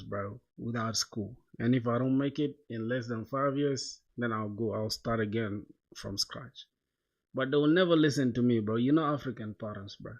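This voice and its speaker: A man's voice: mid-range voice, muffled recording. A young man livestreaming while he codes, chatting loosely with viewers in slang. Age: young adult. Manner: loose, slangy, talks to chat, says bro a lot. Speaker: coding livestreamer. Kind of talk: casual livestream chat while coding.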